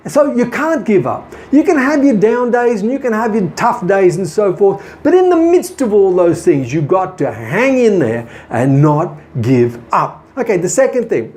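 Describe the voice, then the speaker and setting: Speaking directly to camera, an earnest man with a darkish tone offers his viewers encouraging, motivational advice, his pitch shifting a lot as he presses each point. He's an artist who hosts a daily video show and gives business advice, calling his audience his friends. He tends to repeat himself, occasionally restarting words.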